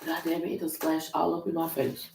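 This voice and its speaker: With a low, creaky, darkish-toned voice and a monotone delivery at normal speed, a woman leads a casual live-stream tarot reading. She chats loosely and directly with viewers, swearing freely, in an echoey room with faint noise.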